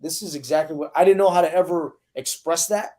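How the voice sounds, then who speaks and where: Retired sergeant major: earnest, reflective, profane, with a warm mellow voice. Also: male voice, fairly high pitch, fairly quick. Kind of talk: casual chat.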